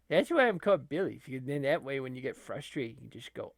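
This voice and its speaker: A man's voice: fairly high pitch, lively intonation, moderate pace, gravelly, hardly any pauses, dry recording. A man casually commentating a wrestling video game as a channel host, rambling with many fillers and laughing between remarks. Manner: rambling, laughing, filler-heavy, lots of restarts.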